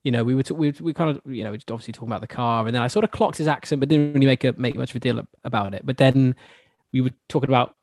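A man's voice: medium pitch, very fast, no room sound, clean studio sound. Chatty male football podcast host. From Wales. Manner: chatty, animated, stumbling restarts. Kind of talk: casual football chat.

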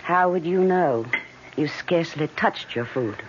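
A brisk, teasing society woman, very lively pitch, 1970s radio drama, dull hissy broadcast. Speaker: wealthy woman courting her suitor.

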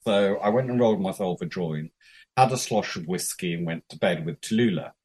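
A man, chatting as a podcast guest and telling a story with lively, freely swearing delivery and acted-out dialogue. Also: deep voice, brisk, husky. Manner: animated, swears freely, acts out quoted dialogue. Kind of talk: casual storytelling chat.

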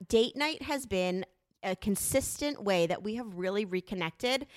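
Earnest higher-voiced woman host, dry sound. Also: fairly bright tone, no room sound. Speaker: podcast co-host. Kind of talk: casual conversational chat.

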